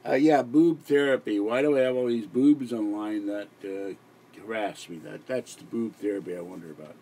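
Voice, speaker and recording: A man's voice: fairly low pitch, moderate pace, warm tone, slightly rough. An exhausted older man who hosts a live stream, rambling and giggling with many restarts late at night. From Pittsburgh area. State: exhausted, sleep-deprived.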